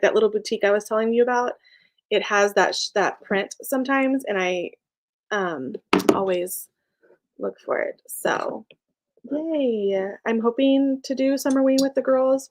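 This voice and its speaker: A young woman chatting casually on a live stream, reading viewer comments, bubbly and laughing often. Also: fairly high pitch. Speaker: small business owner and live streamer.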